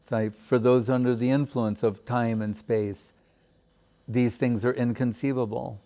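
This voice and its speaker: A man giving a measured, reflective devotional talk with many pauses. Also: mid-range voice, little pitch movement, mellow. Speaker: spiritual teacher. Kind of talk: devotional discourse.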